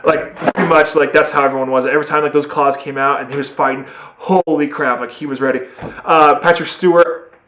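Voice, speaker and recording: A man giving a casual, excitable movie review, rambling with lots of fillers. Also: a little high, brisk, echoey room, noisy background.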